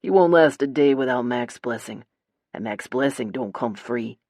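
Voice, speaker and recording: A woman's voice: extremely low pitch, lively intonation, normal speed, a little mellow, dry recording, clean studio sound, pitched below the performer's own voice, heavily acted. A woman voicing a cruel, crude male gangster who threatens his captive in an audiobook. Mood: menacing. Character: menacing male gangster kidnapper, cruel and taunting. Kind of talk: audiobook character voice.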